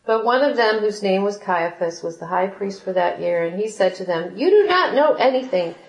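A woman reading scripture aloud and explaining it in an animated way, laughing often as she teaches. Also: medium pitch, moderate pace. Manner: animated, laughs often, acts out quoted voices. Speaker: Bible study teacher. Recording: roomy echo.

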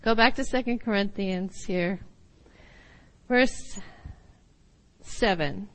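A woman teaching a sermon, reading scripture aloud and then explaining it, with laughs and quick asides. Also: medium pitch, fairly bright tone, low-quality recording. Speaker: Bible teacher.

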